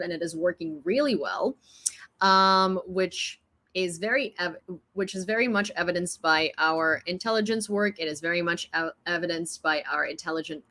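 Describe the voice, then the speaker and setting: Woman, livestream host, talks slowly and giggles through the news. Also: fairly low pitch, pushed and bright. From Ukraine. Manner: chatty, giggly, many restarts. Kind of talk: casual livestream news chat.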